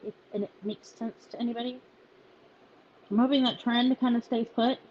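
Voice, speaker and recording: A woman who leads a volunteer group, speaking in a halting, emotional personal message with many restarts, close to tears. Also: fairly high pitch, steady tone, dull audio.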